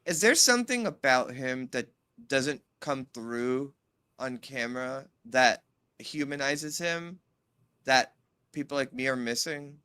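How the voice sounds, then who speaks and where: A woman co-hosting a podcast, chatting casually in an animated way, swearing and cutting in often. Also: extremely low pitch, clear, resonant tone. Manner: animated, swearing, quick interruptions. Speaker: podcast co-host. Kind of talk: casual chat.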